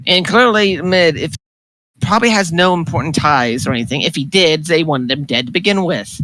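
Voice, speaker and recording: A man's voice: fairly high pitch, normal speed, pushed and bright, dry recording, rough recording. A man playing a tabletop role-playing game, who stutters on restarts while he narrates what his character does. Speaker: player. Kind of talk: tabletop role-play chat.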